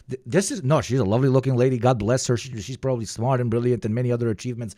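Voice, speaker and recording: A male streamer giving live reaction commentary in a rambling, profane stream of talk. His voice sits at a medium pitch and sounds dry and close to the mic. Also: very fast, few pauses, mellow, no room sound. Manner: rambling, profane, laughing asides.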